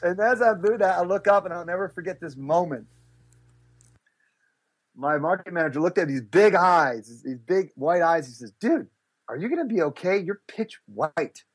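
A man, a speaker and business coach, telling animated stories in an interview and acting out the voices of others. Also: high voice, normal speed, husky. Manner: acts out voices and gasps, lively and expressive. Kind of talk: animated storytelling in a podcast interview.

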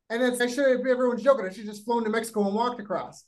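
A man from Canada, a guest telling a long anecdote in a lively, rapid, casual way. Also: extremely high pitch, low-quality recording. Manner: animated, rapid, acts out voices in anecdotes. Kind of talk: casual storytelling.

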